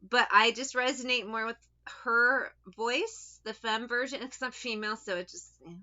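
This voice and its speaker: A woman doing a casual tarot reading in a bright, sharp voice. She talks blunt and chatty, swearing offhand while handing out direct advice. The recording is dull and lo-fi. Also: fairly high pitch, normal speed. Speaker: tarot reader.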